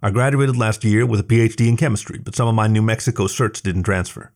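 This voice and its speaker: A man voicing a short, polite cowboy bull who speaks softly and deadpan. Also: fairly low pitch, fast talker, close to an everyday voice.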